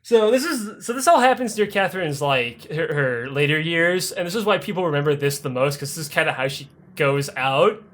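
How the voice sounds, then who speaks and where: Cursing almost constantly, a young man hosting a podcast narrates history as a rough, rowdy comedy bit, voicing the people in the tale as he goes. He speaks fairly quickly with hardly any pauses, his high voice rising and falling widely in an animated delivery.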